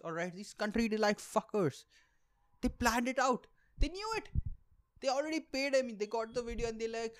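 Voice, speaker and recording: A man's voice: extremely high pitch, normal speed, clear, resonant tone. A young man hosting a solo comedy podcast, ranting loosely and swearing freely. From India. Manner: animated, swearing, jumps into mock voices. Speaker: podcast host, stand-up comedian.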